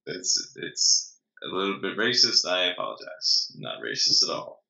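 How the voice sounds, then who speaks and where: Joking man in his thirties, bright voice. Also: sits low, sing-song, normal speed, gravelly. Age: 30s. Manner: joking, self-deprecating. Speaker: co-host. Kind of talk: casual chat. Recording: echoey, dull lo-fi room sound.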